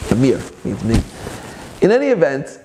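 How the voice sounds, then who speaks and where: A man's voice: mid-range voice, moderate pace, noisy background. A man speaking as a rabbi, giving a Torah class with personal stories and joking asides. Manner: animated storyteller with joking asides.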